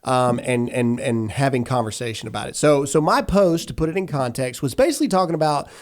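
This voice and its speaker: A man's voice: mid-range voice, expressive, a little fast. A man hosting a podcast, chatting casually and mocking, with ranting bursts. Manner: brash, mocking, rants with rising shouts. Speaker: podcast host. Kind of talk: casual comedic political chat.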